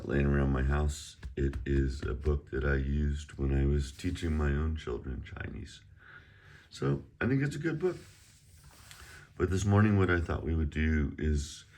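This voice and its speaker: In a relaxed, chatty online Chinese lesson, a middle-aged man with an extremely low-pitched voice models the tones by stretching them out slowly.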